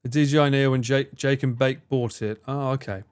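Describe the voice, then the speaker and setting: A man hosting a relaxed live stream, talking in a loose, rambling way. He drops casual swears and answers viewers by name as he reads their messages. His voice sits at an ordinary middle pitch. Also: normal speed, clear, resonant tone, faint music behind. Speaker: livestreamer reading and answering chat.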